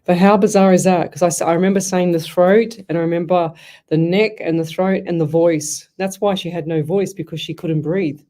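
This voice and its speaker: An Australian woman hosts a live psychic radio show as a medium, chatty and effusive, rambling through stories in casual talk. Her voice is on the low side and mellow, with fairly even intonation and a slightly fast pace.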